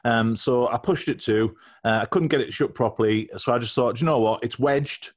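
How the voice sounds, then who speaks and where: A man spinning a rambling, cheeky tale on a chatty podcast. His voice sits at an ordinary middle pitch, and he tends to chuckle at his own punchlines. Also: a little fast. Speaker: podcast co-host. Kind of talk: casual comic storytelling.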